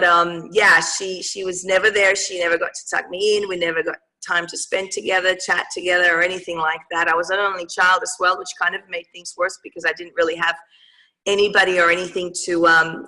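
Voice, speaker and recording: A woman's voice: fairly low pitch, sharp tone, low-quality recording. A woman with an Australian accent, telling her life story as a guest in an interview, with many fillers and restarts.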